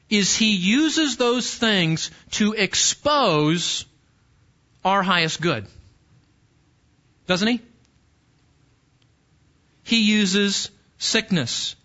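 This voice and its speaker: A man's voice: high voice, bright, forceful tone, dull audio. A man preaching a sermon, explaining a scripture passage earnestly and asking his listeners rhetorical questions. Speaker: pastor.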